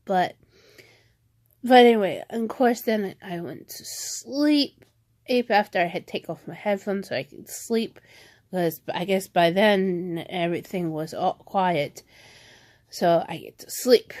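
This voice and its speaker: A woman's voice: medium pitch, slow, darkish tone, dry recording. A woman vlogger ranting at home in a rambling, frustrated way, often restarting her sentences. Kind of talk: venting rant vlog.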